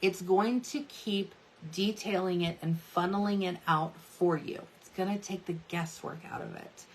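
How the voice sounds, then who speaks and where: Chatty woman in her 30s doing a social media how-to, kinda low voice, keeps saying right and okay. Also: moderate pace, slight background noise. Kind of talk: casual tutorial talk to camera.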